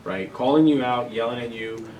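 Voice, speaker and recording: A man who teaches, chatting candidly on a podcast and explaining how he handles students with quick anecdotes. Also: mid-range voice, dull audio. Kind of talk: casual podcast chat. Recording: distant mic with room noise.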